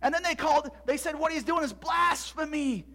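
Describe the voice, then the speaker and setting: A man's voice: high voice, animated, a little fast, fairly bright tone. A man performing a dramatic church monologue as an eager young boy from biblical times, retelling a story with stammered restarts. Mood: eager wonder. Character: excitable little Jewish boy in Jesus' time.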